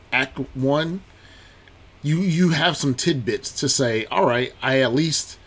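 A man talking casually in a podcast movie discussion, halting with many fillers. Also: medium pitch, a bit bright, husky. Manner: slow, hesitant, many fillers. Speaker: podcast co-host.

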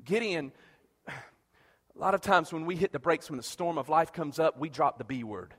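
A man preaching a sermon, animated, acting out quoted prayers and often repeating words as he starts a phrase. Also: on the high side, moderate pace, husky, in a large hall.

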